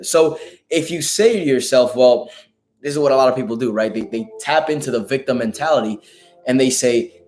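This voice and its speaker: A man with a hoarse, raspy voice giving an emphatic, profane motivational talk as host of a live stream. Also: medium pitch, moderate pace, a little mellow. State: hoarse from a lost voice.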